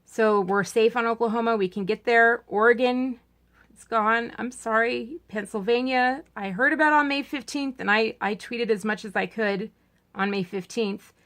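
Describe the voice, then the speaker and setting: Woman, high voice, chatty vlog rant, sarcastic, rambling, restarts often. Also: moderate pace, fairly bright tone. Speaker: political vlogger. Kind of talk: casual political vlog rant.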